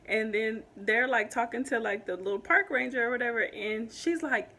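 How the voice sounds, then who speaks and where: Young woman vlogger with a brightish, higher voice: an animated storyteller full of "like" fillers. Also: normal speed, few pauses, slight background noise. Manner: animated, many "like" fillers, grows loud when upset. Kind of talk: casual storytime chat.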